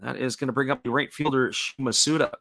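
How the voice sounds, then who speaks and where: Man, baseball play-by-play, live commentary, folksy, steady delivery, middle pitch. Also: quick pace, gravelly, slight background noise.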